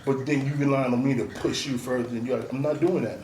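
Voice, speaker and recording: A man's voice: medium pitch, steady tone, quick pace, a little mellow. Blunt streetwise man, roomy sound. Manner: blunt, streetwise, profane, emphatic. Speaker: artist and DJ manager, guest. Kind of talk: casual interview talk. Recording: roomy, noisy, mic at a distance.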